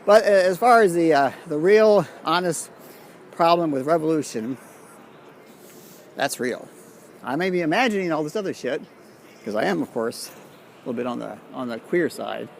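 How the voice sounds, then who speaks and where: A man's voice: fairly high pitch, lively intonation, normal speed, vocal fry, long pauses, slight background noise. A man walking outdoors along a city street, delivering a profane, conspiratorial rambling monologue. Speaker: street vlogger.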